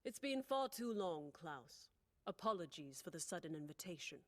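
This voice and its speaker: An actor voicing a young aristocratic boy in an anime, who speaks in a crisp, clipped, imperious way. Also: mid-range voice, sing-song, normal speed, fairly bright tone. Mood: dry. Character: young aristocratic boy, cold, commanding and curt. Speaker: anime character. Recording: anime clip with music underneath. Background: background music.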